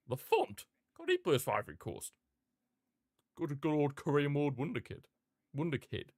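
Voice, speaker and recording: A man's voice: mid-range voice, dry recording, clean studio sound. A young man, chatting casually and reacting aloud while he watches a football match live.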